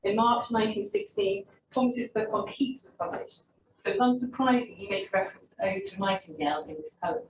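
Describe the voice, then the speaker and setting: A woman's voice: medium pitch, animated, brisk, muffled recording. A young woman, a PhD researcher, reads her essay on poetry and adds wry, reflective asides. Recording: roomy echo, mic at a distance, faint ambience.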